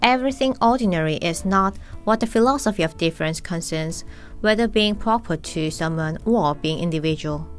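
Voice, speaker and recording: A woman reading a scripted philosophy lecture in a measured, explanatory way; her first language is Korean. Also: on the low side, faint music behind. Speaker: narrator.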